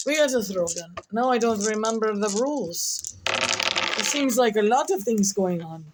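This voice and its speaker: A woman's voice: medium pitch, animated, moderate pace, slight background noise. A woman vlogger rambling through casual commentary, repeating herself and muttering asides as she goes.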